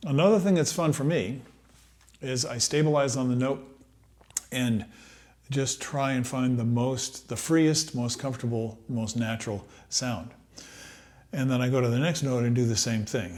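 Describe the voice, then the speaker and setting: A middle-aged man talks through a trumpet lesson in an easy, reflective way. He speaks at a middling pitch and fills his pauses with small hesitations as he works out his thoughts. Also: fairly even intonation, a little mellow. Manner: thoughtful, unhurried, thinks aloud with many fillers. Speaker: trumpet teacher. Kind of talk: relaxed practice-room lesson.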